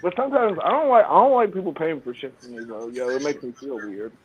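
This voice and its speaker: A man's voice: fairly high pitch, fast talker, highs cut off, a loud crowd. A brash, joking man tossing out bold takes in a casual group chat. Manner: brash, joking, says yo a lot.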